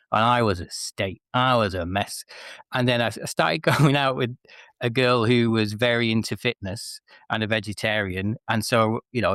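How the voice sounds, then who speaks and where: A man's voice: mid-range voice, fairly bright tone, no echo. Forties guy from northwest england, chatty and self-mocking, telling wrestling stories, dry close mic. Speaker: interview guest, former wrestler. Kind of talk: casual interview chat.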